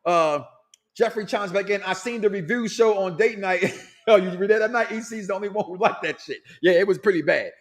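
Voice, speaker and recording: A middle-aged man hosting a casual talk show, loud and animated, reading out listener comments and laughing often. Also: high-pitched, brisk. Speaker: podcast host.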